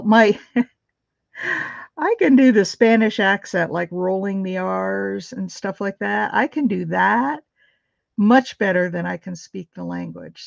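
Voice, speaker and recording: Slow, gravelly-voiced woman crafter. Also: lowish voice, dry recording, highs cut off. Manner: chatty, apologetic and rambling, laughs easily. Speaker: craft livestream host. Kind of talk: casual chat with live viewers while crafting. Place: home craft room.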